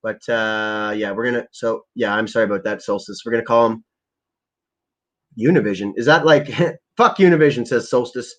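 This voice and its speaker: A man's voice: fairly low pitch, moderate pace, a bit bright. A man from Canada ranting casually and profanely to his live chat as a stream host, rambling and heated. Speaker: livestream host.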